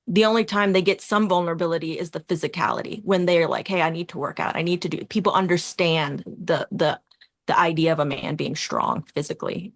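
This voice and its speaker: A woman in her forties sharing personal stories in a casual podcast conversation, earnest and rambling, with soft laughs between thoughts. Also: lowish voice, no room sound, clean studio sound. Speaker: community guest.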